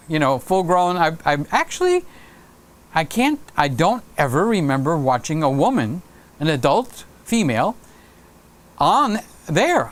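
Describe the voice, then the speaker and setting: A man hosting his own livestream, chatting casually and rambling through anecdotes while laughing at his own stories. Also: sits high. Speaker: livestream host.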